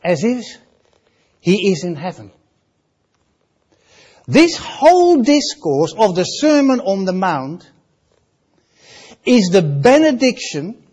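A man preaching with a Dutch accent, his voice pitched high for a man and rising and falling a great deal. He delivers the sermon at an unhurried pace, moving from loud, stressed phrases to hushed asides. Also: breathy edge, dull audio. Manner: dramatic swings between loud emphasis and soft asides.

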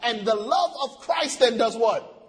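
High, lively-voiced male preacher. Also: unhurried, noisy background. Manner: emphatic, repetitive, call-and-response preaching. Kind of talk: sermon.

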